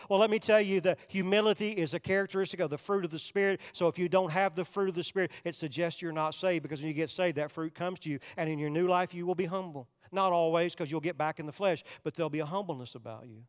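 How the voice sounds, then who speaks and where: An older man preaching a sermon, swinging between loud, urgent passages and hushed, quiet ones. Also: a little high, quick pace, hardly any pauses, in a large hall. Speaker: pastor.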